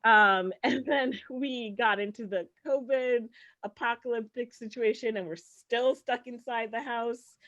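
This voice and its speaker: Woman, stand-up comedian, high voice, sarcastic, chatty, muffled recording. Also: fairly even intonation, a little slow, a bit bright. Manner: sarcastic, conversational, peppered with "like" and "right?". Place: comedy show stage. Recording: dull, muffled sound.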